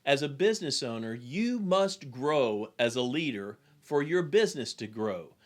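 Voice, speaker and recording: A man's voice: medium pitch, animated, unhurried. A man who is an executive coach, giving a recorded business lesson in an earnest, plain and direct storytelling manner.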